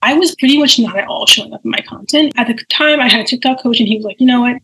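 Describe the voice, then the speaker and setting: A young woman chatting casually as a podcast guest, talking quickly with lots of fillers and acting out quoted remarks. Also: fairly high pitch, bright, forceful tone, a little hiss or hum, poor audio. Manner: fast, chatty, many fillers, acts out quotes. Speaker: guest, nail care content creator.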